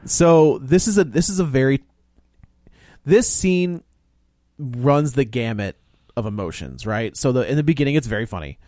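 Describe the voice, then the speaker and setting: A man's voice: medium pitch, animated, normal speed, long pauses, warm tone, no echo. A man co-hosting a casual podcast chat, retelling film scenes and laughing often. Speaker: podcast co-host. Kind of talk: casual movie review chat.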